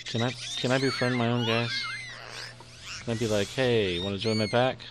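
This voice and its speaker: A man's voice: medium pitch, steady tone, moderate pace, background noise. A young man giving playful let's-play commentary, chatting to the creatures on screen as he plays. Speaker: gaming YouTuber.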